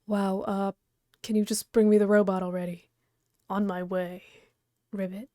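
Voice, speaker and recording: A woman voicing a calm ghost girl who is part frog, speaking flat and quiet while reading a webcomic aloud. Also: medium pitch, moderate pace, no room sound, studio quality, close to an everyday voice. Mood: deadpan.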